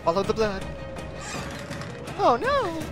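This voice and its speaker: A man's voice: very high-pitched, huge pitch swings, slow. A man commentating a horror game, jumpy and yelping with nervous laughter. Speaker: gameplay commentator. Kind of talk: horror game let's play. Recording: commentary over game music.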